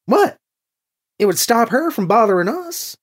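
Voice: mid-range voice, very animated, measured pace, husky, pitched above the performer's own voice. A narrator voicing a teasing, swaggering male ship captain in a spoken story.

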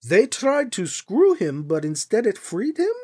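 Woman doing a courteous man officer, formal, husky tone, lively pitch. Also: unhurried. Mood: polite. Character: polite, upbeat male station officer.

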